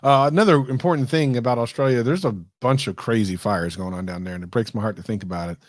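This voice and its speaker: A man co-hosts a tech podcast, chatting in an upbeat, easygoing way. His voice has a middle pitch, and the recording is dry and close, with no room sound. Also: quick pace, no room sound. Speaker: podcast co-host. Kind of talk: casual tech podcast chat.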